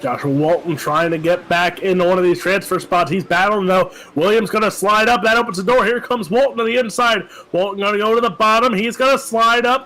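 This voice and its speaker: A man giving joking, quick play-by-play commentary on a sim race. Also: high voice, pushed and bright, slight background noise, rough recording.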